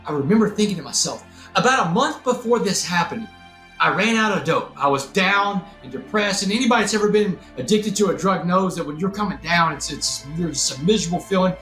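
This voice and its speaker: A man's voice: sits high, animated, brisk, a bit bright. A man from Texas, a podcast guest telling his personal story dramatically and acting out the voices of others. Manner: dramatic, acts out quoted voices. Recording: roomy echo with faint music behind.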